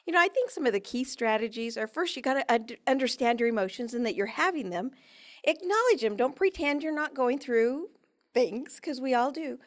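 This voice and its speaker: A woman in her fifties, a guest expert in an interview, telling a personal story with lively shifts between loud and soft delivery. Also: sits high, brisk.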